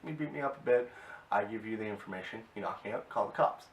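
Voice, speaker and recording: Small-time crook, male, bargaining fast and pleading, low voice, as a man recaps him, distant mic with hiss. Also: reverberant, close to an everyday voice.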